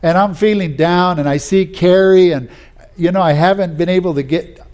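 A man's voice: high voice, normal speed, a little mellow. A man preaching a sermon, telling personal stories in a folksy way with frequent restarts. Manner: folksy storytelling, many "you know"s and restarts.

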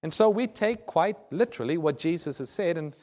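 A man preaching a sermon, telling a personal story in an earnest way and dropping to a soft, low voice in tender moments. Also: expressive, a little fast. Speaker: pastor.

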